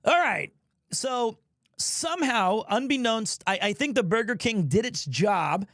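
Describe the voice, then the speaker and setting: A man's voice: high voice, expressive, a little slow, a bit bright, no room sound, studio quality. A man streaming, telling a funny story in a rambling, self-mocking way. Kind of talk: casual storytelling.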